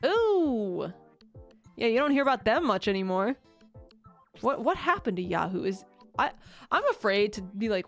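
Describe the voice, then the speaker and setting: A woman streamer talks casually with her viewers, rambling from one thought to the next and poking fun at herself. Her voice sits at an ordinary middle pitch, and she breaks into laughter often. Faint music plays underneath. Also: expressive, moderate pace.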